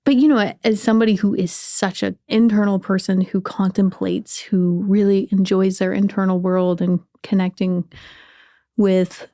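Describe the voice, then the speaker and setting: A woman talking on a podcast in a thoughtful, soft-spoken way, searching for her words as she opens up. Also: mid-range voice, level tone, moderate pace, dry recording, studio quality. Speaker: podcast guest, host's partner. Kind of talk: casual conversation.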